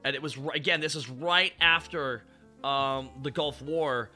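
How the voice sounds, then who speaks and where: Guy streamer going off to chat, swears a lot, super bright kinda high voice. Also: unhurried, faint music behind. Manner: animated, swearing and laughing often. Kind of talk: casual chat.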